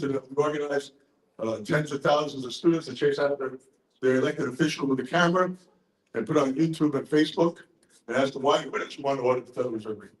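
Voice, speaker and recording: A man in his sixties giving a rambling, profane, excitable speech to a crowd, a little drunk. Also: mid-range voice, roomy sound, poor audio. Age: 60s. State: tipsy. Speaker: conference speaker.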